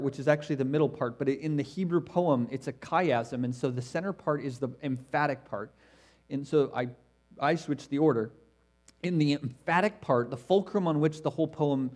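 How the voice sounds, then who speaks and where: A man preaching an expository sermon in a conversational way, swinging between emphatic stresses and hushed, quiet asides. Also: medium pitch. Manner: conversational, with fillers and self-corrections.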